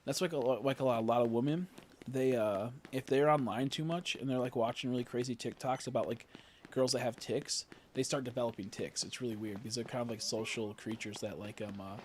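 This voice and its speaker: A man's voice: medium pitch, steady tone, a little fast, slight background noise. A man streaming a game, chatting casually and rambling with lots of filler words while joking with his chat.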